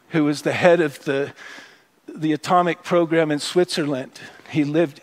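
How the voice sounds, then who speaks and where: A middle-aged man preaching to a church congregation in an easy, conversational way, weaving personal stories into his teaching. His voice sits high for a man, and he throws rhetorical questions out to the room as he goes. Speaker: pastor. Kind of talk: sermon. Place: church worship service.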